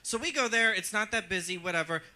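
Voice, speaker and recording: A man's voice: sits high, fast talker, sharp tone. A man hosting a bar viewing party, chatting casually and telling bawdy, joking stories into a mic. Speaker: drag queen host. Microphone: handheld mic.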